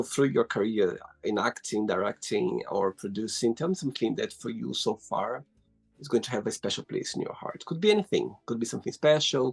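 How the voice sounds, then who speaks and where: Gravelly husky host. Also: male voice, medium pitch. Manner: chatty, repeats himself, non-native phrasing. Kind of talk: interview questions. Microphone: video call.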